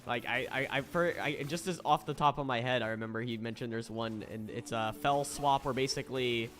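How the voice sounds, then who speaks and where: A man's voice: mid-range voice, fairly quick, fairly bright tone. A young man from Florida, chatting casually on a stream, swearing a lot and laughing often. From Florida, USA.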